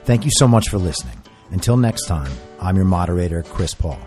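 A man's voice: sits low, animated, brisk, over music. A man hosting a political commentary podcast, talking in a blunt, emphatic and opinionated way into a close microphone. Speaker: podcast host.

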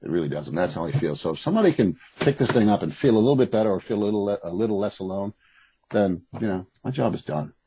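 A man's voice: lowish voice, animated, fast talker, dark tone, a little hiss or hum, low-quality recording. A middle-aged man speaking as a guest in a casual interview, candid and blunt, rambling with restarts. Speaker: guest, author.

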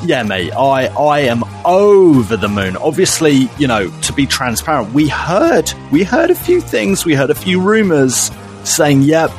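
Animated man, effusive co-host. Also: fairly high pitch, a little slow, faint music behind. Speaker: podcast co-host. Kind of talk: casual chat.

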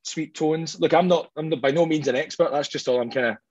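Scottish male host, fast-talking and jokey, slightly husky voice, dull dry recording. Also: fairly high pitch, darkish tone, no echo. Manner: chatty, jokey, quick and self-deprecating. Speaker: host of a whisky tasting show. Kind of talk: casual tasting chat.

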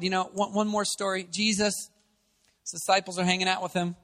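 High, bright-voiced preacher in a hall. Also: male voice, little pitch movement, fairly quick. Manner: swings from conversational to shouting exhortation. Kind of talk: energetic sermon. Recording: long hall reverb.

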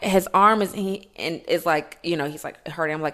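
Casual podcast woman, low-ish voice, lively storyteller who acts out scenes. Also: moderate pace. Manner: animated storyteller, acts out scenes with loud cries. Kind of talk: casual chat. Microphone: remote call.

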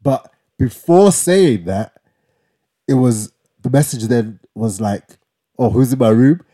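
A man's voice: medium pitch, expressive, slow pace, warm tone, breathy edge. A young man, co-hosting a podcast and animatedly retelling a story, acting out quotes with slang and tagging lines with "yeah?". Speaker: podcast co-host. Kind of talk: casual storytelling chat.

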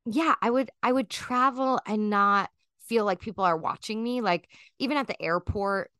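A woman's voice: mid-range voice, moderate pace, a bit bright, smooth, no echo, studio quality. A woman in her thirties, a guest chatting casually in an interview, rambling with lots of fillers and restarts.

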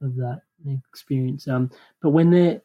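A podcast host in a casual conversation, telling stories in an animated way with playful sound effects. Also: medium pitch, normal speed. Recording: dull lo-fi recording.

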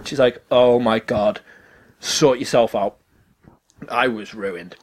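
A man's voice: medium pitch, takes it slowly, darkish tone. A man telling a funny story in casual chat, acting out the quotes and laughing often.

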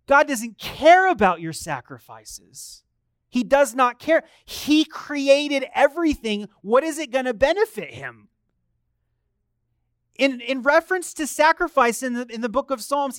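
A man's voice: very high-pitched, expressive, measured pace, a bit bright, smooth, dry recording, clean studio sound. A middle-aged male pastor preaching a sermon in a conversational way, often asking his listeners questions. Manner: conversational, asks the congregation questions.

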